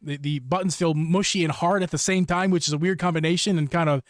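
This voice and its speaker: A man hosting a casual live stream about game accessories, rambling and interrupting himself, with enthusiastic shout-outs to viewers. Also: on the high side, fairly even intonation, fast talker, no echo, clean studio sound. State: hot and sweaty. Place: room at home. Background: background music.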